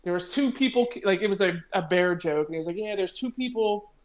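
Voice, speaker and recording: High-voiced young man, roomy sound. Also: a little fast. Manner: rambling, laughing, swearing. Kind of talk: casual storytelling among friends. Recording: roomy echo.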